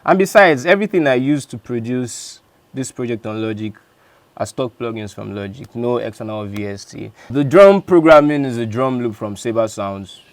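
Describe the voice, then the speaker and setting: A music producer with a mid-range voice and lively intonation breaks down how he built a beat at a moderate pace, with no echo. He's chatty and loose, correcting himself as he goes.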